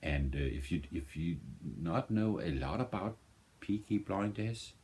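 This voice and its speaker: Very deep-voiced, slow Danish man. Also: animated, a little mellow. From Denmark. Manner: halting, restarts often, searches for words. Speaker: vinyl music vlogger. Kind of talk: casual rambling chat.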